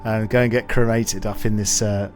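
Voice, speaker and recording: A young man spins a story on a podcast, low-pitched and lively, swearing freely and acting out the people in it. Faint music sits behind him. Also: moderate pace. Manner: animated, swears freely, acts out quoted voices. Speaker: podcast co-host. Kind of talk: casual storytelling chat.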